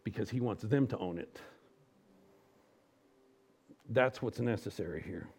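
Preaching with lots of energy, this man fires off rhetorical questions and moves from forceful, loud lines to gentle, unhurried pleas. His voice leans low and carries a breathy edge.

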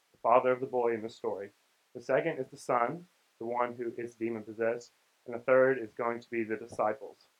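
A young man preaches in a relaxed, conversational way and voices the people in the story as he goes. His voice sits at an ordinary mid pitch. The recording is muffled and lo-fi. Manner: conversational, acts out the characters' lines. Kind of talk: casual sermon.

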